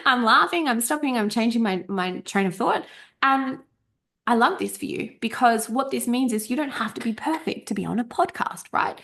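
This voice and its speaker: Her voice is fairly high, expressive and a bit bright, with vocal fry, at a normal speed. A coach in her thirties, she talks through a podcast workshop casually and emphatically, swearing, fumbling words and slightly coughy. It's captured on a desk USB microphone over Zoom.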